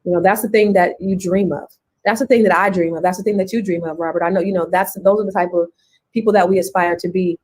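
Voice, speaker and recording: A woman's voice: on the low side, fairly even intonation, fast talker, darkish tone. A woman co-hosting a live talk show, chatting casually, affirming her partner and repeating phrases for emphasis. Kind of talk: casual chat.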